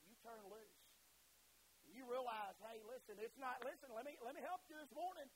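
A man with a very high voice preaches a sermon with passion, surging to loud emphatic peaks. He repeats phrases and breaks in with asides and fillers. A faint hiss runs under the recording. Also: poor audio. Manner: repetitive, with frequent filler and "listen" asides.

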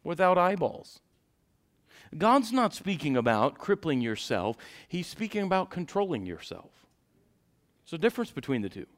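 A man preaching a sermon as pastor, folksy and direct with the congregation, moving from quiet asides to loud shouted passages. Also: mid-range voice, sing-song, fairly quick.

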